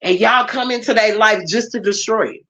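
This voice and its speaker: A woman's voice: fairly high pitch, moderate pace, sharp tone. Emphatic woman preaching, lo-fi. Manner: emphatic, repeats phrases, talks directly to the congregation. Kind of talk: sermon.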